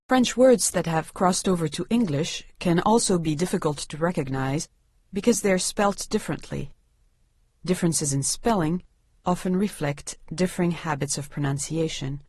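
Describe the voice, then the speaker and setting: A woman with a lowish voice reads a language lesson as scripted narration, every word clearly enunciated. She slows down to set example words apart. The sound is close and dry, with no room around her. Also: darkish tone, no echo.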